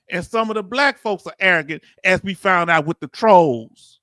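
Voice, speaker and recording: A man hosts a livestream commentary, his voice high and bright. He talks in casual slang, animated and preachy, calling on the viewers in his chat. The sound is dry and close. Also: moderate pace, hardly any pauses, no room sound. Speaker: channel host.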